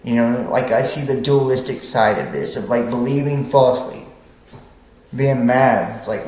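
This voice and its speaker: A man's voice: medium pitch, animated, normal speed, darkish tone, roomy sound, a little hiss or hum, rough recording. A man hosting a podcast, preaching in a rambling, profane monologue that keeps checking in with "right?". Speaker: podcast host.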